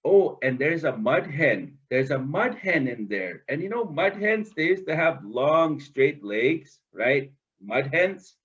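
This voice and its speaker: Slow, husky male storyteller. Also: on the high side, big pitch swings, a bit bright, muffled recording. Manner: conversational, with chanted song lines and many tag questions. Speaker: oral storyteller. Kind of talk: telling a folktale to students. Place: school.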